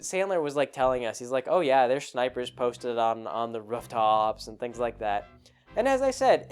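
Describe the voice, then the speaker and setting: A podcast host with a fairly high-pitched, darkish voice casually retells a tabletop game session. His storytelling is chatty and rambling, full of asides.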